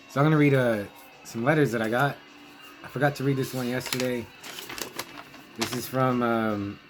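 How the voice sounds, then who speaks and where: This low-quality clip features a man with a medium-pitched voice. A zine editor who reviews films, he rambles casually and hesitantly through a vlog monologue, full of fillers and restarts, as he chats and reads fan letters aloud.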